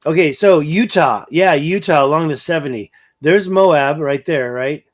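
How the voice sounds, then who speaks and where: Speaking in an unhurried, somewhat high voice, a man hosts a casual livestream. He rambles and thinks aloud, reading comments from viewers as he pans around a map.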